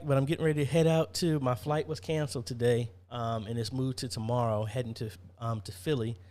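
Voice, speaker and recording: A man's voice: medium pitch, fairly even intonation, brisk, hardly any pauses, darkish tone. A man hosting a casual live-stream Q&A, chatty, reading viewer comments aloud and answering them.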